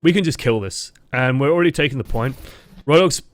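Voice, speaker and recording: A young man coaching over gameplay footage, talking fast and casually, swearing freely and mocking himself. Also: medium pitch. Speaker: game coach. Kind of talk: gameplay review commentary.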